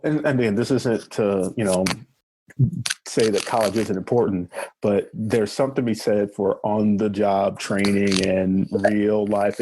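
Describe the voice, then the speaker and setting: A man hosting a casual podcast interview, halting at first and then speaking in quick bursts. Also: lowish voice, background noise. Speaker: podcast host.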